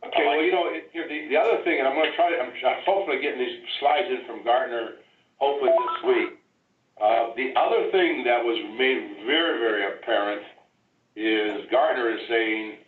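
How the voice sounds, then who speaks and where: A man's voice: medium pitch, brisk. A man hosting a business call, talking casually with many restarts and fillers. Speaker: host of a member call. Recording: echoey, tinny phone-line sound.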